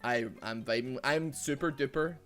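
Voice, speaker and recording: A man with a Glaswegian Scottish accent giving chatty, excitable commentary over his game, laughing often and trailing off into fillers. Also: mid-range voice, normal speed, faint music behind. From Glasgow, Scotland. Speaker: streamer. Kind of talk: casual gameplay commentary.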